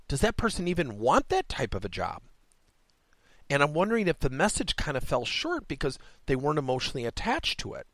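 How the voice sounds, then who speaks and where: A man's voice: a little high, wildly swooping pitch, a little fast, no echo. A middle-aged man hosting a coaching podcast, telling a story and acting out both sides of a conversation. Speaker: podcast host and business coach. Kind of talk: solo podcast monologue.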